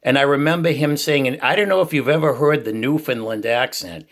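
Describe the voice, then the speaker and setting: An older man with a Boston accent and a loud, booming voice, giving an earnest personal testimony about faith. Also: brisk. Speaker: Christian YouTuber sharing church reflections.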